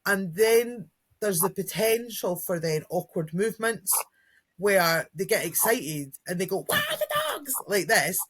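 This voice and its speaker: A woman's voice: mid-range voice, measured pace, husky. A woman co-hosting a podcast as a dog trainer, chatting casually and acting out what dogs and kids might say. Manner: chatty, acts out dogs' and kids' voices. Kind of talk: casual chat.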